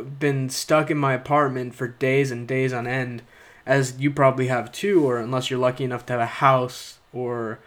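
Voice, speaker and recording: Speaking to podcast listeners, a young male stand-up comic with a medium-pitched, fairly bright voice riffs sarcastically and rambles on, peppering his talk with "uh" and "okay?".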